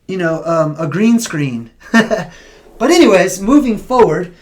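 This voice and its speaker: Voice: mid-range voice, lively intonation, measured pace. Emphatic live-streamer arguing a point. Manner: emphatic, argumentative, with rhetorical questions. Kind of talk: casual live-stream commentary.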